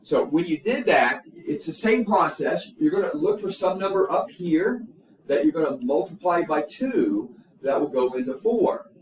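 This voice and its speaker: A man's voice: fairly high pitch, lively intonation, moderate pace. A middle-aged man teaching an algebra lesson, emphatic and repetitive, with many fillers and restarts. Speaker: math teacher. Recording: echoey room, distant mic, faint hum.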